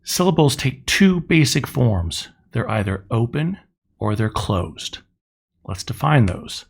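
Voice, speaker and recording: A middle-aged man teaching a recorded lesson, explaining step by step and spelling out sounds slowly. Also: mid-range voice, big pitch swings, husky. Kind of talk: recorded classroom lecture.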